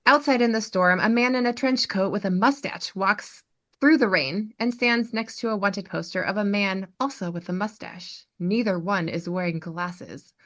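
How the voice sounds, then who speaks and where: A woman hosting a podcast, recapping a TV episode as an animated storyteller. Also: medium pitch, normal speed. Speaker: podcast host.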